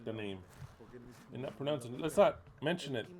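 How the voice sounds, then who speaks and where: A man delivering a sermon with a medium-pitched voice. He talks emphatically and bluntly. He repeats his key words and swears now and then. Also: animated, brisk, a little mellow. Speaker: preacher.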